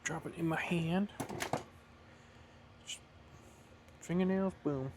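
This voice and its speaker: A hobbyist building a flight-sim throttle talks casually at his workbench as he builds and solders, thinking aloud and correcting himself in this workshop tutorial. His voice is fairly high with a darkish tone, at a moderate pace with long pauses, and there's slight background noise.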